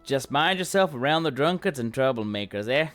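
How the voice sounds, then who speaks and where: A man's voice: medium pitch, expressive, fairly quick, a bit bright, soft background music, lightly acted. A man putting on a Southern drawl to read a friendly frontier stable hand in a game. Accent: put-on American Southern drawl. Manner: drawling, folksy.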